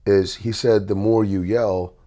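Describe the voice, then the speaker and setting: A middle-aged man with a very deep voice speaks calmly and evenly. He leads a relaxed interview about coaching and sounds measured. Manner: calm, measured, even-tempered. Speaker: host and basketball trainer. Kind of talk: casual interview chat.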